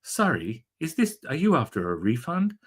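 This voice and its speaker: A man's voice: medium pitch, wildly swooping pitch, moderate pace, husky, voice pushed up. A man voicing a politely unhelpful female automated phone assistant.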